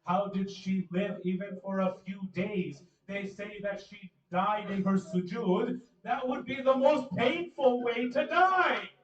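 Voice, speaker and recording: A man delivering an emotional sermon, swinging from hushed storytelling to loud cries and chanting Arabic supplications. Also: sits high, slow pace. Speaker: preacher. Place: community center hall. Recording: echoey hall, distant dull mic.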